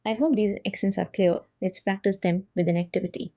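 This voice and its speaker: A woman teaching a French language lesson, patiently repeating each example word slowly. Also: medium pitch, fairly even intonation, mellow, no echo, dull audio.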